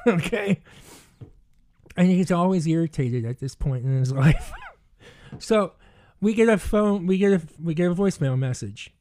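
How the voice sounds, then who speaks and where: A man's voice: high-pitched, lively intonation, measured pace, pauses often, mellow. A man with a speech impediment co-hosting a podcast, telling a story in profane, joking casual chat and acting out the quoted lines. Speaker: podcast co-host.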